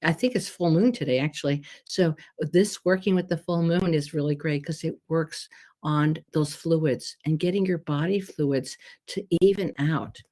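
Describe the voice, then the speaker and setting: A lively woman gives a casual energy-healing lesson, chatty and animated, laughing easily as she goes. Her voice sits a touch low for a woman. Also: normal speed. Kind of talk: casual teaching talk. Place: West Coast.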